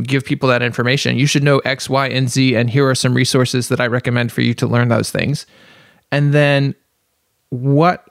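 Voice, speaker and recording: Gravelly man explaining thoughtfully. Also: mid-range voice, no echo, studio quality. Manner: thoughtful, loose, many fillers. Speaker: podcast co-host. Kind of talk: casual explanatory chat.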